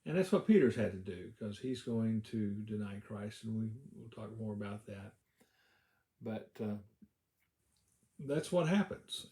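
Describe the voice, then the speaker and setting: A man's voice: fairly low pitch, mellow, echoey room. A male pastor giving a casual devotional Bible teaching, talking conversationally with many "uh" fillers and restarts.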